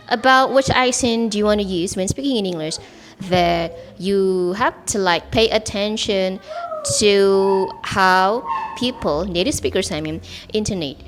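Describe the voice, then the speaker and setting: A woman with an Indonesian accent, a native Indonesian speaker, giving a casual English lesson, chatty and full of examples and fillers. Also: fairly low pitch. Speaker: English teacher. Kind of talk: casual teaching video.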